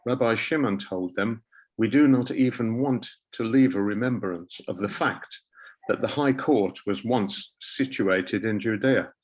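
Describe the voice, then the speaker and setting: A man with a fairly low voice reading a translated passage aloud. His delivery is even and measured, keeping to the text without asides. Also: low-quality recording.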